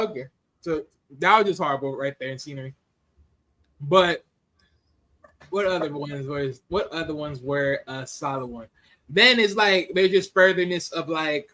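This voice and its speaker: Male movie reviewer, high and bright, casual and animated. Laughs a lot and slips into voices for the scenes.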